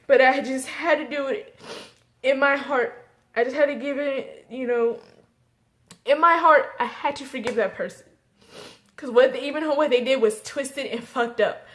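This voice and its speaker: A young woman vlogging a personal story, emotional and halting, tearful and repeating herself. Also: high-pitched. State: tearful, crying at times.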